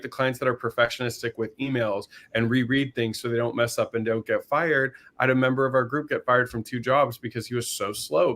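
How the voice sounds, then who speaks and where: A man's voice: mid-range voice, fairly bright tone. A man who leads support groups, chatting on a panel and retelling exchanges with his clients in a storytelling way. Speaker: support group leader and advocate. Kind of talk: casual panel chat.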